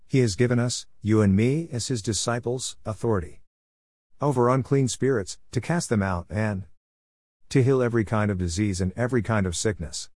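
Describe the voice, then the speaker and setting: A man's voice: mid-range voice, darkish tone, dry recording. A man reading a devotional teaching aloud in an earnest, emphatic preaching cadence. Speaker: devotional writer and reader.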